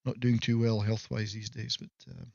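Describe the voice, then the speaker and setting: A man's voice: fairly low pitch, level tone, normal speed, vocal fry, a little mellow, dry recording. A Scottish man hosting a casual livestream, rambling through stories with self-mocking jokes. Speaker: livestream host. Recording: slightly muffled, dry audio.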